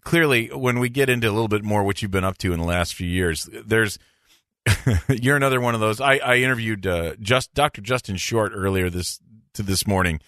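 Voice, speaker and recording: A man's voice: lowish voice, a bit bright, dry recording, clean studio sound. A man hosting his own podcast as a dentist, chatting in an upbeat, jokey way with his guest. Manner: jokey, upbeat, sing-song. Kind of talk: casual interview.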